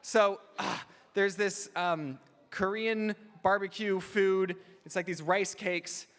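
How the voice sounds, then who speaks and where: A man's voice: high voice, steady tone, takes it slowly, a bit bright. A young man answering fan questions on stage at a live panel, rambling, laughing and restarting his sentences, on a handheld mic in a large hall. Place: large convention hall, in front of an audience. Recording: echoey convention hall PA.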